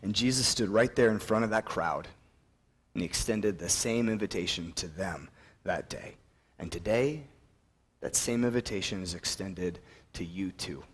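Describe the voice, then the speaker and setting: A young man preaching a sermon, telling Bible stories with animated, acted-out quotes and dropping to a soft, earnest voice for his appeal. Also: normal speed, breathy edge. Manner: drops to a soft, earnest low voice when appealing.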